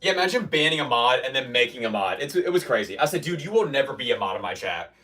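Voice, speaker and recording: A man with a medium-pitched, sing-song, sharp-toned voice talks fast, recorded from a distance. He streams from a basement gym, chatting casually with viewers in a rambling way, often restarting sentences and mock-quoting chatters.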